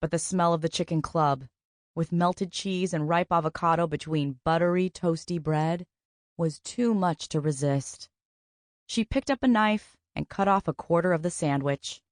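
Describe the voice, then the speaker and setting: A woman narrating a contemporary romance audiobook in an even, measured storytelling manner. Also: lowish voice, no room sound, studio quality. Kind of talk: scripted narration.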